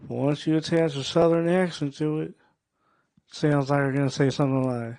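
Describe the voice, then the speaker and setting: A male stand-up comedian doing a set, loud and profane, working the crowd. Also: fairly high pitch, steady tone, fairly quick. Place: comedy show stage.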